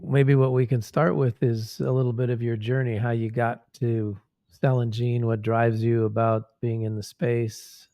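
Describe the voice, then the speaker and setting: A man's voice: medium pitch, flat delivery, normal speed, mellow, no echo. A man hosting a podcast in casual, loose conversation, with many fillers. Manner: loose, filler-heavy, friendly. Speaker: podcast host. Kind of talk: casual interview chat. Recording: dull, dry lo-fi sound.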